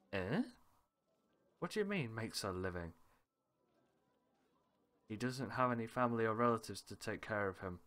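A man's voice: mid-range voice, a bit bright. A man reading aloud every character's lines of a visual novel, switching between characters with small laughs and asides. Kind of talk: reading game dialogue aloud with light character voices.

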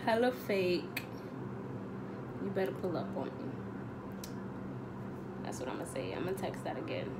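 A woman's voice: on the low side, expressive, unhurried, pauses often, heavy background noise. A young woman chatting casually in a prank vlog, slangy and swearing, often giggling. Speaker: vlogger.

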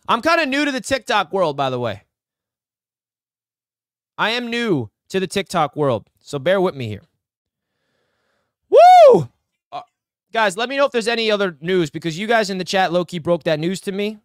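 A man's voice: sits high, fairly bright tone, smooth, dry recording, studio quality. A young man hosting a live stream, reacting to sports news with hyped, rambling chatter aimed at his chat.

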